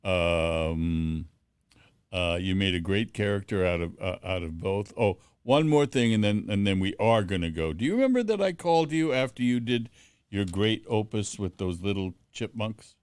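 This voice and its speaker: A middle-aged man hosting a podcast, talking with effusive warmth and stammering restarts. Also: fairly low pitch, expressive, moderate pace, clear, resonant tone, no room sound, clean studio sound. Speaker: podcast host. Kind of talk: warm casual phone interview.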